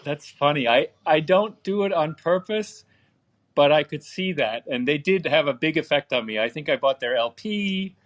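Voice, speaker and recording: An easygoing middle-aged man co-hosting a podcast, dropping dry jokes and chuckling often. His voice is a bit higher than most men's. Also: lively intonation, moderate pace. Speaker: podcast co-host. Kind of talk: casual live podcast chat.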